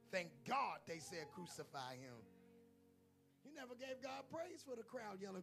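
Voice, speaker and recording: A male preacher, delivering a sermon that swings between playful quiet asides to the congregation and shouted preaching. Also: sits high, lively intonation, a little fast, gravelly, soft background music.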